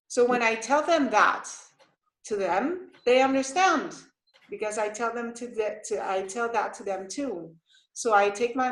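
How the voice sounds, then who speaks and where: A woman from Costa Rica, a mother of young children, talking as an interview guest in an animated way, laughing often and restarting her sentences. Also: on the high side, normal speed, reverberant, low-quality recording. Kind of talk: casual interview chat.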